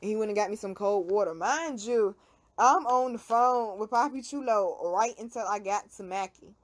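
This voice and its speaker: A young woman hosting a casual talk show, telling a story in an animated, slangy, profane way. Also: medium pitch, moderate pace. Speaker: podcast host.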